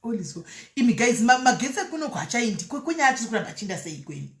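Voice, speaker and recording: A woman's voice: on the high side, big pitch swings, rapid-fire, echoey room. Chatty woman live-streaming. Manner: chatty, mixes Shona with English, laughs often. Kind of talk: casual live-stream chat, reading comments.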